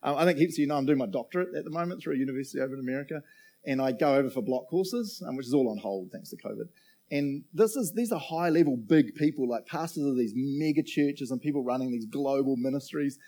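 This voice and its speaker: A man's voice: medium pitch, fast, mellow. A middle-aged man preaching a sermon in a chatty, joking way, often laughing and asking the room questions. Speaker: pastor. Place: church auditorium.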